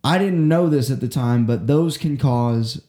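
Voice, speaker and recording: A man's voice: medium pitch, a little slow, dark tone. Swearing young man spinning a rambling story. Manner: profane, rambling storytelling with many restarts. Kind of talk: casual chat. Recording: echoey room.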